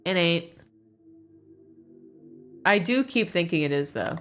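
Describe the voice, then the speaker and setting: A woman co-hosting a game stream, chatting in a lively, casual way. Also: lowish voice, slow, soft background music. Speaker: co-host. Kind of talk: casual let's-play chat.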